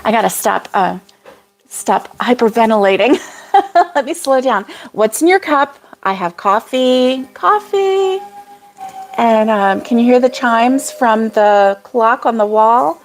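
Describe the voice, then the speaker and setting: Bubbly middle-aged woman, fairly high voice, live chat from a cabin. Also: a little slow. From Florida. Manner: bubbly, greets viewers by name, laughs often. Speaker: crochet livestream host. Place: mountain cabin indoors.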